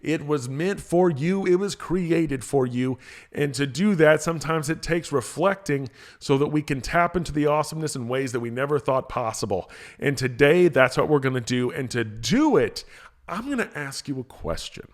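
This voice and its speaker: Energetic motivational man, fairly high voice. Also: moderate pace. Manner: energetic, repeats words, restarts phrases. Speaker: podcast host, motivational speaker. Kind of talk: casual motivational talk.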